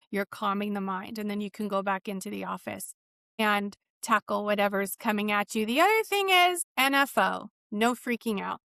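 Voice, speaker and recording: A woman's voice: medium pitch, a bit bright, clear, resonant tone, dry recording, studio quality. A woman real estate agent co-hosting a casual podcast, talking in a chatty, rambling, upbeat way.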